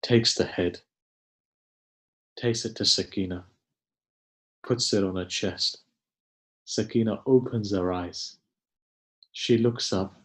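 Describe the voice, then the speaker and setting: A man giving a mournful sermon, recounting a tragedy in slow, grieving storytelling with dramatic pauses, sometimes dropping almost to a hush. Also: fairly low pitch. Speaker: preacher. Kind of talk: mournful majlis sermon narration.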